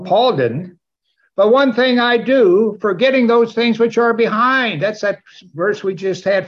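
Preacher guy in church, kinda high voice, gets worked up asking for amens, muffled lo-fi sound. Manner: animated, rising to exclamations and calls for amens. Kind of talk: sermon.

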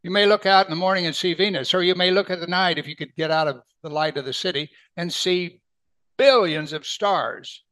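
Emphatic preacher, man, slightly high voice. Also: fairly quick, dry recording. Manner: emphatic, rising to stress key words then dropping soft. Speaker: pastor. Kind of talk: sermon.

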